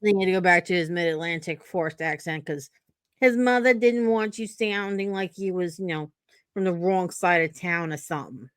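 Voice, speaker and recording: A woman's voice: lowish voice, fairly even intonation, normal speed, clean tone, dry recording. A woman from New Jersey hosting a podcast, chatting casually with dry sarcasm and lots of fillers. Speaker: podcast host. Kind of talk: casual chat.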